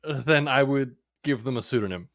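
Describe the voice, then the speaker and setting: A man's voice: moderate pace, no echo, clean studio sound. A man playing a tabletop role-playing game, playful and laughing often. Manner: playful, laughs often, voice jumps high when excited. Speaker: player.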